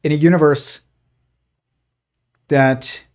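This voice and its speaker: A man's voice: a little high, fairly even intonation, slow, darkish tone. Argumentative man hosting a live stream. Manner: rambling, with frequent restarts and fillers; argumentative, dismissive. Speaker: host.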